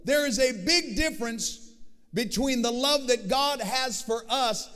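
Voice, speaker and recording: A man preaching a sermon as pastor, swinging from shouted declarations to hushed, intimate passages and calling out to the congregation. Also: very high-pitched, measured pace, long reverb tail. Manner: dynamic preaching, swings from shouting to hushed tones, rallies the crowd. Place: large church hall.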